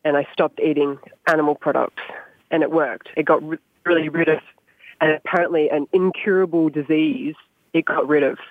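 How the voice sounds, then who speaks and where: A man talks quickly and candidly as a guest, swearing without a second thought. His voice sits a little high and comes through a thin, phone-like line with no room sound at all. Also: steady tone, no room sound. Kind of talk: casual chat. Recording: tinny phone-like line, dry.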